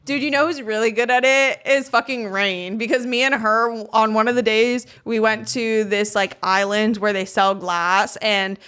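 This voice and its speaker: A woman's voice: fairly high pitch, fairly even intonation, moderate pace, hardly any pauses, a bit bright, clean tone. A woman in her twenties co-hosting a podcast, telling long, profane, laugh-filled stories in casual chat. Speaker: podcast co-host.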